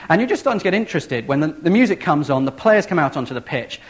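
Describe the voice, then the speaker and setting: A man preaching a sermon, telling a story in an animated, vivid way. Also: a little high, fast.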